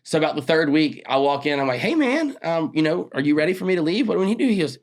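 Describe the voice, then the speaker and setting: Fast-talking young man telling a story. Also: a little high. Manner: animated storyteller who acts out quoted dialogue, often laughing. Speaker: roofing business owner, guest. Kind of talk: casual interview storytelling.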